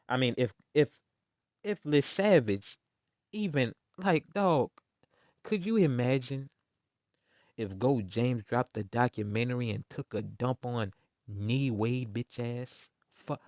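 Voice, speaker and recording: This sports commentator vlogger has a mid-range, darkish voice, captured at studio quality with no room sound. His heated, casual rant is mocking and insistent, with repetitive emphasis, lots of slang and jabs, and "man" added to his lines.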